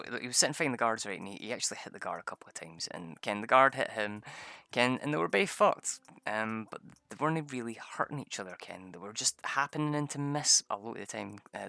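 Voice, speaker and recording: A man's voice: on the low side, creaky, pushed and bright, no room sound. A man telling a rambling story about a tabletop game session, swearing often and laughing a lot. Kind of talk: casual storytelling.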